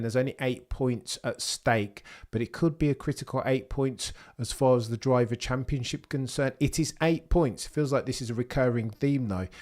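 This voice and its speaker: A man's voice: mid-range voice, darkish tone. A man hosting a live racing watchalong, rambling casually and talking straight to his chat with easy laughs. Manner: chatty, rambling, quick to laugh, talks to chat directly.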